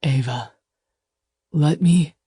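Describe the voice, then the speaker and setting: A woman voicing a passionate, possessive man in a romance audiobook, speaking low, soft and half-whispered. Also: very slow, slightly rough, no echo, clean studio sound, heavily acted. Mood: tender, hushed.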